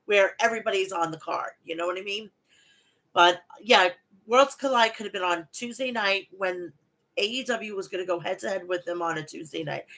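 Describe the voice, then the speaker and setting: A woman's voice: mid-range voice, fairly bright tone, rough recording. A woman in her thirties hosting a casual wrestling podcast, blunt and swearing freely. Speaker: podcast host.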